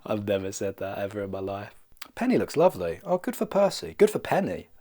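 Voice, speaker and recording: A man's voice: fairly low pitch, a little mellow. A young man making a comedy vlog who rambles in a playful, self-mocking way. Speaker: vlogger.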